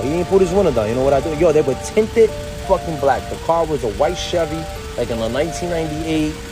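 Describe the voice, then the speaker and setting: A man sitting in his car, telling a story in an animated, heated, profane way. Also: fairly high pitch, fast, music in the background, poor audio. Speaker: social media poster. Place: parked car.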